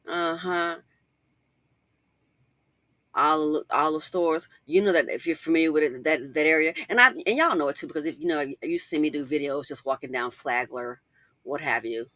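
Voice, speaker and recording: A middle-aged woman hosting a casual commentary monologue, chatty and animated, full of asides and emphatic rhetorical questions. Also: low-pitched, normal speed, no room sound, studio quality. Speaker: commentary channel host.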